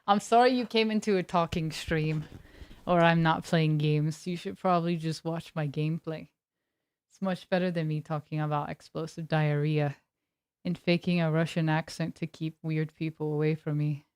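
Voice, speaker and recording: Young woman, game streamer, rambling chatter with viewers, low-pitched smooth voice. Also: steady tone, moderate pace, a little mellow, no echo. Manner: rambling, chatty, laughs often. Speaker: variety streamer. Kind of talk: casual chat with live viewers.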